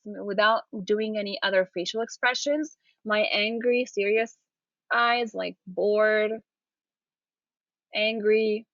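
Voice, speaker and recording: A woman with a fairly high voice talks viewers through interview manners, showing how to act as she goes. She keeps checking in with short questions. The sound is dry, close and a bit muffled. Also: fairly bright tone, no room sound. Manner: encouraging, repeats "okay?" and "right?". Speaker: interview coach. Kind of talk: demonstrating to camera.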